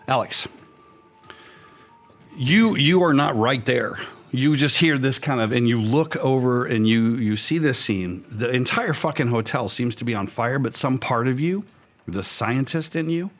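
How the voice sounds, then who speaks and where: A man narrates a tabletop horror game as game master. He paints gory scenes in vivid detail and slips in casual asides. His voice sits at an ordinary middle pitch, with faint music playing underneath.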